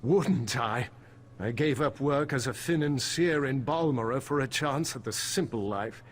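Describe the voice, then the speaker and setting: A man's voice: medium pitch, a little slow, slight background noise, close to an everyday voice. An actor playing a worried male farmer, a former financier and weary husband, polite and anxious. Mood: earnest. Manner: polite, anxious, put-upon. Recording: game audio with soft music behind.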